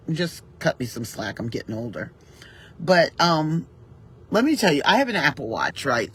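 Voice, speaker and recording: Husky woman giving morning encouragement. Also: deep voice. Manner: warm, reflective, conversational, with gentle faith references. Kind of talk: casual motivational talk.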